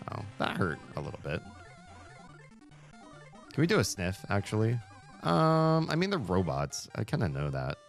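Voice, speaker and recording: Animated male let's-play host, lowish voice that swings widely, faint game music underneath. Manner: animated, chatty, laughs often. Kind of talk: video game commentary.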